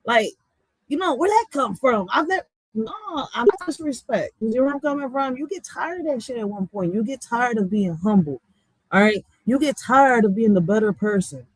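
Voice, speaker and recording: Philly woman going off on a rant, cussing a lot, husky kinda high voice, dry sound. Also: animated, normal speed, no echo, poor audio. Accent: Philadelphia. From Philadelphia. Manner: blunt, profane, swings between loud outbursts and low muttering. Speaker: vlogger. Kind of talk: heated profane rant.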